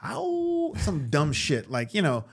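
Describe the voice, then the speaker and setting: A man guest on a podcast, telling stories in a casual, animated way, acting out the voices of the people in them. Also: mid-range voice, brisk. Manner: animated, acts out voices in anecdotes. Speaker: guest actor. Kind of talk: casual storytelling interview.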